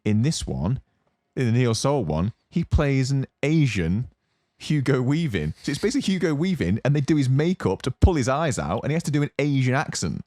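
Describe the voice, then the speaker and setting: A young adult man co-hosting a podcast, casually telling a long story with lots of fillers and animated asides. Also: medium pitch, brisk, no echo, studio quality. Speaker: podcast co-host. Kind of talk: casual chat.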